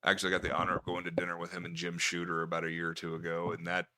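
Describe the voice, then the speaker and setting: A man with a lowish, bright voice chats casually as a podcast host. He tells stories with animation and swears freely. The talk is loose and unscripted. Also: monotone, rapid-fire. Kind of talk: casual chat.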